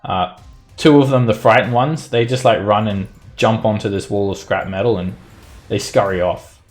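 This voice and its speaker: A man narrating as game master of a tabletop game, in a relaxed way with many fillers. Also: lowish voice, moderate pace, soft background music.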